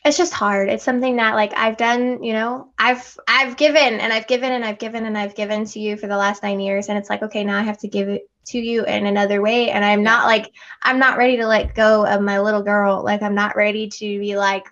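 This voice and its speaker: A woman in her thirties hosting a podcast, chatting casually and telling family stories in an animated way. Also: medium pitch, a little fast, few pauses. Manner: animated storytelling, acts out family dialogue. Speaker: podcast host. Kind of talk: casual chat. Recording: dull lo-fi sound.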